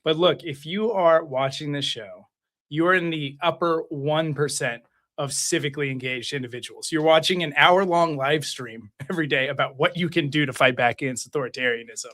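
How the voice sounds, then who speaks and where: A man's voice: fairly high pitch, normal speed, fairly bright tone. Earnest encouraging male co-host. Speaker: co-founder and co-host. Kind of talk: live-stream political talk show.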